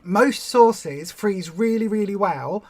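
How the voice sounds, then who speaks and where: A man's voice: high voice, lively intonation, takes it slowly. A man hosting a weight loss support live stream, chatting casually and reading viewer comments aloud with jokey asides.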